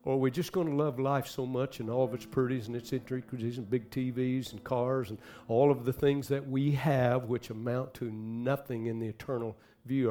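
Dramatic male preacher with soft music. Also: mid-range voice. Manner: dramatic, swings from hushed to loud. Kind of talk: sermon. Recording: faint music behind.

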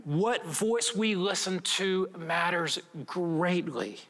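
A man's voice: high-pitched, slow pace, fairly bright tone, in a large hall. A young man preaching a filmed sermon in an earnest, conversational way, often checking in with "right?". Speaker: pastor.

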